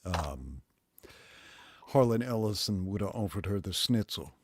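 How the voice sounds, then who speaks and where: A man's voice: on the low side, animated, measured pace, noisy background. A man co-hosting a casual podcast, making dry, wry remarks and reading out comments from the chat. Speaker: podcast co-host.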